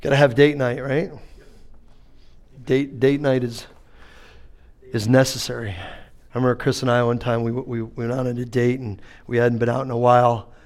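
A man's voice: medium pitch, flat delivery, moderate pace, pauses often, a little mellow. A middle-aged man preaching a sermon, telling funny family stories and acting out the exchanges before turning to call-and-response preaching. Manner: humorous storytelling, acts out exchanges. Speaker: pastor.

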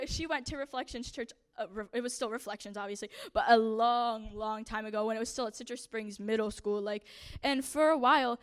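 A woman's voice: fairly high pitch, fairly even intonation, moderate pace, clear, resonant tone. A young woman giving a personal testimony to a church group, nervous and shaky, laughing between phrases.

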